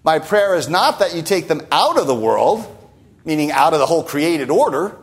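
Man preaching, slightly high voice, very animated pitch, emphatic, rhetorical asides. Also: normal speed. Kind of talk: sermon.

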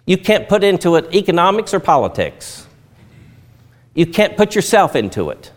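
A man's voice: sits high, sing-song, moderate pace. A man preaching a sermon, with emphatic rises and drops and folksy turns of phrase.

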